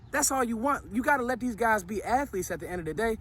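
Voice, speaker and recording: A man talking casually about football on his vlog, out of breath and sweaty after a workout, animated and full of slangy restarts. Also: high voice, fast, a little hiss or hum. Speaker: sports vlogger.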